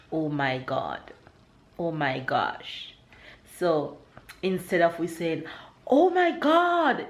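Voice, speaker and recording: Slow, chatty Jamaican mom vlogging. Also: female voice. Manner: chatty and relaxed, often laughing, jumps very high when excited. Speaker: vlogger, mother. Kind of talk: casual home vlog to camera. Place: at home indoors.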